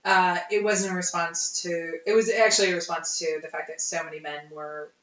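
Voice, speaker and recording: A woman's voice: lowish voice, a little fast. A woman co-hosting a podcast, telling history in casual chat with plenty of ums and uhs. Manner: lively, tells history with frequent ums and uhs. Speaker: podcast co-host. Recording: roomy, dull lo-fi sound.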